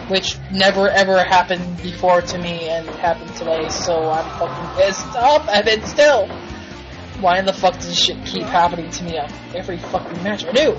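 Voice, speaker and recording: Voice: mid-range voice, brisk, music in the background. A host of a simulated wrestling show, swearing and ranting in frustration while commentating on play. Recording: dull lo-fi recording.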